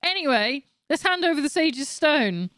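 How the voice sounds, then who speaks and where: A woman's voice: sits high, big pitch swings, normal speed, fairly bright tone, no echo, studio quality. A woman in her late thirties streaming a game, talking frankly and swearing while she rants and jokes. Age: late 30s. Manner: frank and sweary, ranting with laughs. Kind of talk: casual game stream chat.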